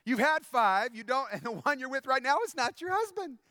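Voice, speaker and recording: A man voicing a calm male teacher who speaks plainly and with emphasis. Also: very high-pitched, fairly quick, no room sound, studio quality, pitched above the performer's own voice, exaggerated voice. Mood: confronting.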